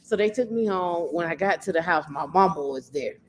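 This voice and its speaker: A woman with a fairly low voice and faint noise behind her. She chats casually as a podcast co-host and tells expressive stories, jumping up in pitch when she acts out quotes. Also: brisk. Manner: expressive storyteller who acts out quotes with big pitch jumps. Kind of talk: casual chat.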